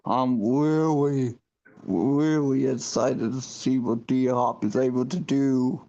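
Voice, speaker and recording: Slow-talking man on a dull stream. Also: mid-range voice, steady tone, dark tone. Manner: halting, repeats words and restarts. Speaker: show host. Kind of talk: casual livestream sports chat.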